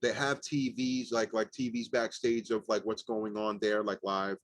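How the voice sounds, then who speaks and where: A young man, a rapper and guest, telling animated stories casually with lots of fillers and swearing. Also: on the low side, moderate pace, dry recording. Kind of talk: casual storytelling interview.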